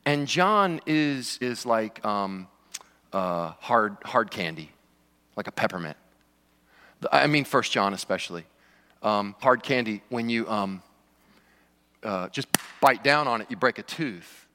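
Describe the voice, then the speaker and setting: In a church sanctuary with the long reverb of a large hall, a pastor preaches a sermon to his congregation in a conversational way, slipping in joking asides. His voice sits on the low side and is expressive, bright and forceful, and he takes it slowly with frequent pauses.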